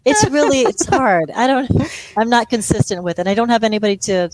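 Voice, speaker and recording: A woman in her forties, a guest on a podcast, chatting casually and poking fun at herself, quick to laugh. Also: fairly high pitch, expressive, darkish tone, no echo, poor audio. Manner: chatty and self-deprecating, laughs easily. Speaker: guest speech-language pathologist. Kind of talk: casual interview conversation.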